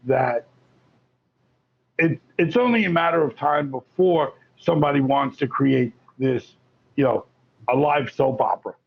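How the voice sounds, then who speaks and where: A man talking as a guest on an interview show, chatty and animated, often restarting his sentences. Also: mid-range voice, measured pace, vocal fry. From Florida. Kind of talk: casual interview talk. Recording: lo-fi muffled audio.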